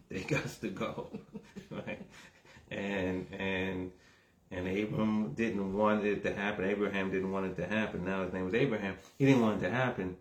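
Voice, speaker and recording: A man preaching a conversational sermon that starts low and calm and builds into emphatic, raised exhortation. He repeats himself and keeps checking with the listeners. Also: moderate pace, echoey room. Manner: repeats words, asks the audience "right?".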